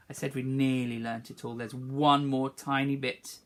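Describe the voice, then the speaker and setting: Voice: medium pitch, level tone, moderate pace, few pauses, fairly bright tone. A music teacher leading an online singing lesson for schoolchildren, encouraging and demonstrating phrases for the class to repeat.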